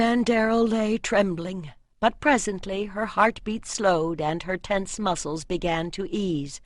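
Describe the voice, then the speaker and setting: Slow, measured woman audiobook narrator. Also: on the low side, no room sound, clean studio sound.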